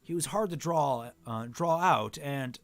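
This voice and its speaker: A man's voice: on the high side, unhurried, faint music behind. A man co-hosting a casual book reading, reading dialogue aloud with frequent stumbles and self-corrections. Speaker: co-host reading a novel aloud. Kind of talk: casual read-aloud, voicing characters plainly.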